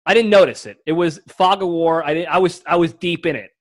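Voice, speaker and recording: A young man with a high, light voice chats on a casual comedy podcast. He spins his stories with lively impressions and easy laughter, riffing with his co-host. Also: a little fast. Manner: animated storyteller, acts out voices and laughs.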